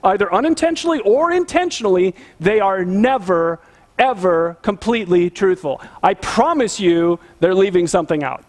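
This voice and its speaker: This high-voiced, middle-aged pastor relates something from his own life during a sermon. His delivery stays earnest and animated.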